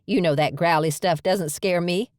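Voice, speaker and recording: A woman's voice: normal speed, no room sound, studio quality, lightly acted. A woman voicing a bubbly, teasing tiny female pixie in an audiobook. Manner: shrill and excitable. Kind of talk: audiobook character voice.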